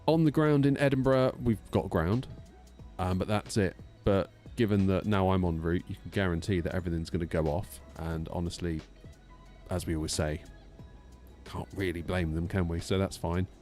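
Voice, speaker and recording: A man in casual live-stream chat, talking to his viewers while he flies a sim. His voice sits on the low side, and he answers chat aloud in a jokey, self-mocking way. Faint music plays underneath. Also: moderate pace, a little mellow.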